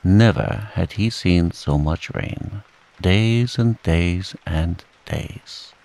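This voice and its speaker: A man reading a bedtime story aloud in a soft, soothing, unhurried way. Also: low-pitched, gravelly, low-quality recording. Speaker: audiobook narrator.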